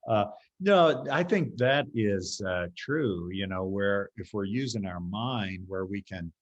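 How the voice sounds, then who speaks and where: Man, martial arts teacher, guest, lively pitch, animated storytelling, video call. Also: slow pace, muffled recording. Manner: animated storytelling, acting out scenes. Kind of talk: casual video-call chat.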